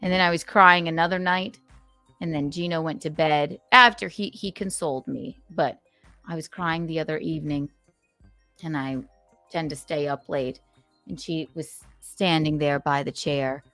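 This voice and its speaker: A woman's voice: deep voice, steady tone, moderate pace, fairly bright tone, no echo, faint music behind. A woman hosting a casual livestream, chatting and playfully reading out viewer donations. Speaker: livestream host.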